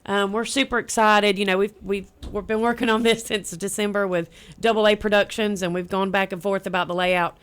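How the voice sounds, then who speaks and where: Bubbly young woman, smooth voice. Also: mid-range voice, fairly even intonation, brisk, fairly bright tone. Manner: chatty, bubbly, repeats words. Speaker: event organizer guest. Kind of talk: casual radio interview.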